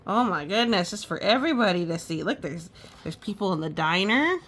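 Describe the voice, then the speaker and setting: A woman's voice: medium pitch, lively intonation, a little fast, a bit bright, a little hiss or hum. A woman reading a picture book aloud at storytime, exclaiming and pointing out the pictures. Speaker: storytime reader.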